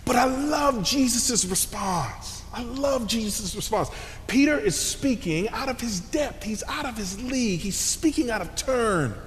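A man preaching a sermon, moving from hushed near-whispers to shouts, with slangy conversational asides. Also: expressive, measured pace, faint music behind. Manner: dynamic, swings from hushed to shouting. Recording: long hall reverb, faint rumble.

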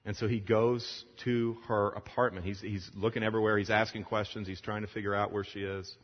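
A man with a fairly low voice preaches a sermon to a room of pastors. He tells a story animatedly and acts out its characters as he goes. The sound is dull and lo-fi, with a long reverb trailing through a large hall. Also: fairly quick. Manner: animated storytelling, acting out the dialogue.

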